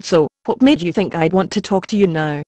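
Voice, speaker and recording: An actor playing a patient, gently wry conscience spirit who sounds a little hurt, in an amateur stage drama. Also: mid-range voice, fairly quick, no echo, close to an everyday voice. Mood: calm.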